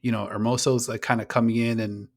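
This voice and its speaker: A man's voice: mid-range voice, level tone, fast talker. Guy hosting a soccer podcast, hyped, swears a lot, reels off player names. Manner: enthusiastic, swears freely, rattles off player names. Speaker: podcast co-host. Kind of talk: casual sports chat.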